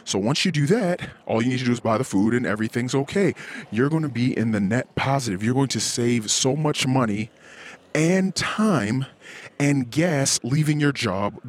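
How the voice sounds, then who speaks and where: Ranting, husky-voiced man. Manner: frustrated, ranting, swears often; mimics others in high voice. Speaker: podcast host. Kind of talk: venting personal monologue.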